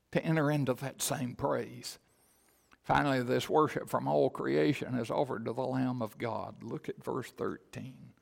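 A man preaching a sermon, swelling to loud emphatic proclamation and dropping to quiet storytelling. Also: medium pitch, moderate pace, vocal fry. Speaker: pastor. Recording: long hall reverb.

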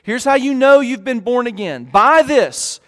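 A man's voice: extremely high pitch, expressive, measured pace, fairly bright tone, long reverb tail. A man preaching as a pastor, earnest, with emphatic rising peaks and frequent restarts. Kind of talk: sermon. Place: church.

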